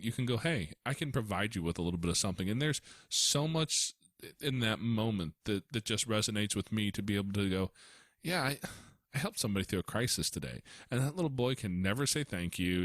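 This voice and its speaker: A man's voice: fairly low pitch, no echo, clean studio sound. A man hosting a podcast as a foster parent, telling stories casually with lots of restarts. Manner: storytelling, animated, frequent restarts.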